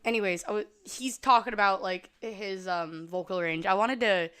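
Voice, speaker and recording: A young adult woman streaming from her computer, chatting casually, swearing freely and jumping between loud outbursts and low mumbles. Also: moderate pace, clear, resonant tone. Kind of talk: casual rambling stream chat. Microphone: desk mic at a computer.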